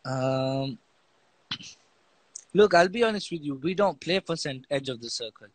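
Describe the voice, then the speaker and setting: A young man with a slangy British English accent, a pro esports player answering questions in a relaxed, halting way with many fillers on a live stream. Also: a little high, no room sound. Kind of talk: casual interview on a live stream.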